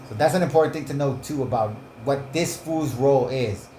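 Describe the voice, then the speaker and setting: Man, casual rambling commentary, profane, self-interrupting, mid pitch, echoey room. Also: brisk, mellow, a little hiss or hum. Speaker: commentator reacting to clips. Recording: roomy echo.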